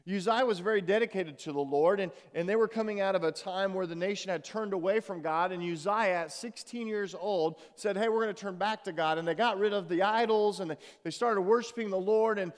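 High-voiced man preaching in a reverberant hall. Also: a little fast, few pauses. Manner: earnest, restarts words often, swings from loud emphasis to soft. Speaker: pastor. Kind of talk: sermon. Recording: long reverb of a large hall.

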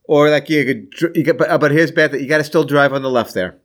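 A man's voice: fairly high pitch, fast. Rambling man co-hosting a podcast. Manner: rambling, restarts sentences often, chuckles between lines. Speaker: podcast co-host. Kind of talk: casual chat.

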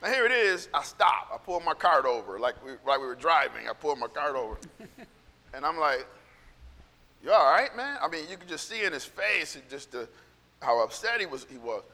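A man's voice: a little high, lively intonation, brisk, bright, forceful tone. A male pastor preaching casually, telling a rambling story with many restarts that builds into fervent, repeated encouragement. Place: church sanctuary. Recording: long hall reverb.

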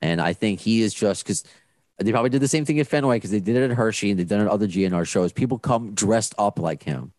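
A young man hosting a casual fan podcast, telling stories in a rambling, self-correcting, animated way. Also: on the low side, fast, dry recording. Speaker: podcast host.

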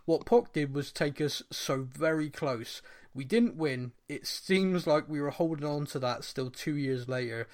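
A man's voice: on the high side, unhurried, hardly any pauses. Laughing man on a podcast. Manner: rambling, laughing, self-deprecating. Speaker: podcast co-host. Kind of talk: casual chat.

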